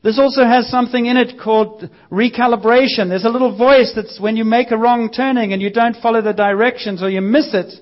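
A man preaching a sermon in a church, lively and using a prop as a visual aid. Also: very high voice, normal speed, lo-fi sound.

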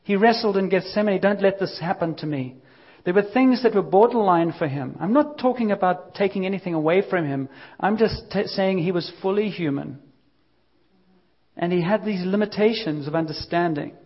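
A man gives a conversational sermon and lets his voice rise and fall as he acts out the lines of the story. His voice sits somewhat high. The recording sounds muffled and lo-fi. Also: normal speed. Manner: lively, conversational storytelling with acted-out quotes. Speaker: preacher.

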